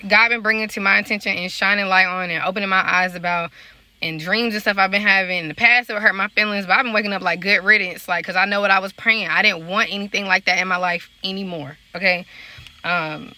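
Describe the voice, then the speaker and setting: A woman's voice: mid-range voice, fairly even intonation, quick pace, bright, forceful tone. A woman, talking casually to her viewers about faith and relationships. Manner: talks in a loose, conversational way, addressing viewers directly. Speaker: prophetic dreamer and life coach. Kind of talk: casual spiritual vlog talk.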